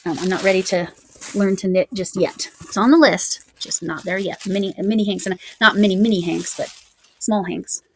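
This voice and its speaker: A woman's voice: medium pitch, normal speed, a little hiss or hum. A woman crochet vlogger chatting casually at home, musing aloud as she reads out yarn labels. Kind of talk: casual show-and-tell chat.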